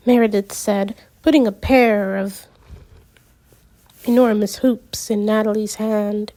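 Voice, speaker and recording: A woman reading a novel aloud as narrator, unhurried, with small slips and asides. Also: on the high side, fairly even intonation, mellow.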